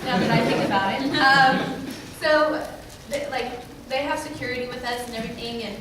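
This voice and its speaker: A young woman on a convention panel telling a story, animated and self-mocking, often laughing as she talks. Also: a little high, moderate pace, crowd noise. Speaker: panel guest. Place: large convention hall. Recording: echoey hall, mic far off, noisy.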